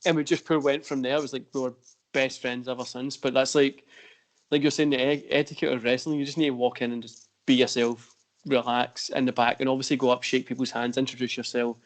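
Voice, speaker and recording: A man's voice: medium pitch, level tone, a little fast. A man with a Scottish accent, hosting a wrestling chat show, laid-back and rambling as he tells stories. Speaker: podcast host. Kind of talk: casual chat.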